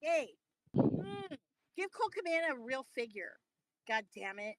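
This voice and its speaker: A woman co-hosting a wrestling podcast, talking casually in an animated, profane rant. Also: sits high, measured pace, no room sound, low-quality recording. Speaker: podcast co-host. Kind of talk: casual chat.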